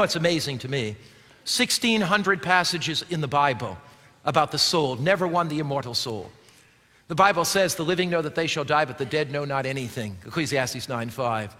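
A male pastor preaching a sermon, swinging between loud emphatic declarations and quieter, hushed lines. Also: fairly high pitch, animated, normal speed, in a large hall.

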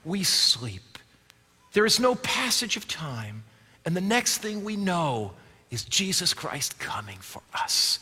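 A man preaching a sermon as pastor, swinging from emphatic shouts to low, quiet passages. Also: sing-song, unhurried, husky, in a large hall.

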